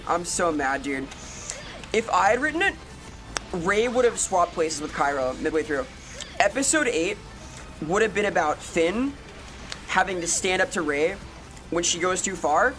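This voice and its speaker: A woman's voice: on the low side, fairly bright tone. A woman streamer chatting casually with viewers, ranting and swearing with exasperation over faint background music. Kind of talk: casual live-stream chat answering viewers.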